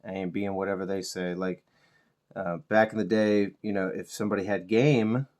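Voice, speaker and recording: A man's voice: sits low, fairly even intonation, normal speed, a little mellow. A middle-aged man chatting casually while he paints miniatures, laid-back, swearing freely and joking at his own expense. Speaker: miniature painting channel host.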